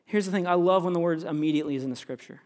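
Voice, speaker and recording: Animated man preaching a sermon. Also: fairly high pitch, racing. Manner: animated, addresses congregation directly, acts out biblical characters. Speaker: pastor.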